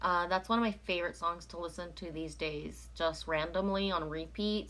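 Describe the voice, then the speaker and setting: A woman's voice: on the low side, fairly even intonation, moderate pace, hardly any pauses, fairly bright tone. A woman from Canada chatting casually on a live stream, rambling as she reads out viewer comments and oracle cards.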